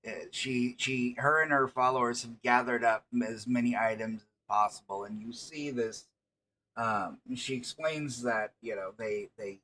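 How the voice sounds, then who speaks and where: A male game master slowly narrating a tabletop session, his speech halting and full of restarts and fillers. His voice is mid-pitched, with a faint hum of room ambience behind him. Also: steady tone, pushed and bright.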